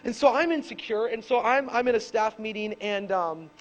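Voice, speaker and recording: A man preaching a sermon to a live congregation, swinging between loud emphatic bursts and hushed asides. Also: high voice, moderate pace. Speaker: pastor. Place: church service with a live congregation.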